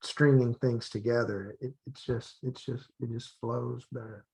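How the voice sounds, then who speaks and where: Male English teacher, mid-pitched voice, explanatory and repetitive demo style. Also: steady tone, unhurried, gravelly, a little mellow. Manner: repetitive, drilling phrases with many restarts. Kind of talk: teacher training demonstration.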